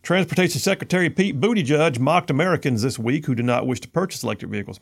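A man's voice: on the high side, lively intonation, fast talker, vocal fry, slightly rough. A man hosting a talk radio show, reading news stories and mocking them in a sarcastic, combative way. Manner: sarcastic, combative, reads news then mocks it.

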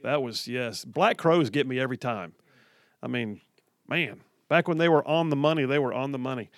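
A man hosting a talk radio show, ranting in an animated, mocking way about the news. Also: mid-range voice, normal speed, no echo, studio quality. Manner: animated, mocking, quotes others in put-on voices. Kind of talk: opinionated talk radio monologue.

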